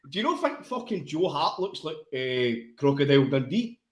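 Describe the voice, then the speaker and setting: In an echoey room, a football podcast co-host from Glasgow chats casually about the game in a fairly high, sing-song voice at a moderate pace. His Scottish banter is blunt and full of swearing.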